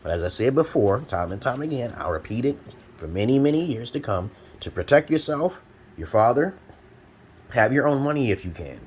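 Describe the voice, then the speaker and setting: A man's voice: medium pitch, big pitch swings, normal speed, darkish tone, slight background noise. A man in his forties from Brooklyn, New York, giving rambling advice in a blunt, profane, preachy monologue at home. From Brooklyn, New York, USA. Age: 40s. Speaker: advice vlogger. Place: home room. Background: fan running.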